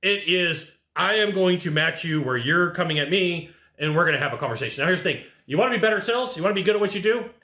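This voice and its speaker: A man delivers a sales training monologue in a punchy, animated way, acting out customer back-and-forth as he goes. His voice is bright and sits a bit high. The room around him is echoey. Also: fast talker.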